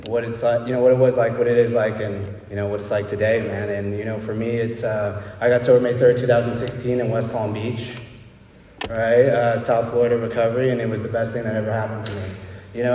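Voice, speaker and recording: The voice is warm and medium-pitched: a young man from El Paso, Texas, loosely and frankly telling his recovery story to a meeting. He keeps checking in with listeners using "right?" and "you know," and the distant mic catches the hall's echo and faint noise.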